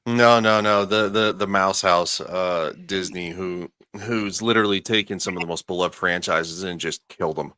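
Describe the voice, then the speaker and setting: A man's voice: sits low, normal speed, hardly any pauses, sharp tone, clear, resonant tone, no room sound, studio quality. A man hosting a casual podcast chat, rambling and ranting with frequent restarts. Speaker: podcast host.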